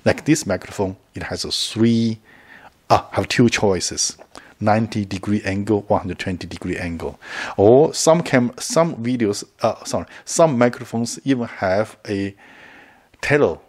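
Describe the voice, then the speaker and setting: A man's voice: lowish voice, a little mellow. A middle-aged man chatting casually to camera as a video creator, rambling, repeating words and chuckling often.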